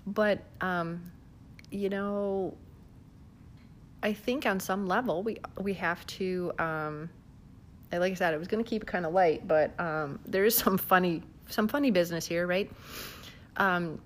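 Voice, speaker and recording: A woman's voice: fairly low pitch, a little hiss or hum. A woman from the southern United States chatting casually into her phone at home, laughing often and using lots of fillers. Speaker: vlogger. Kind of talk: casual chat to camera. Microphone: phone held in hand.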